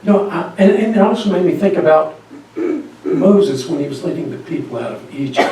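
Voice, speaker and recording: Guy preaching, storytelling, a bit high voice, super echoey church, mic kinda far. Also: expressive, normal speed, a little mellow, a little hiss or hum. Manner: storytelling, asks the congregation questions. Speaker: pastor. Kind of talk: sermon. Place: church sanctuary.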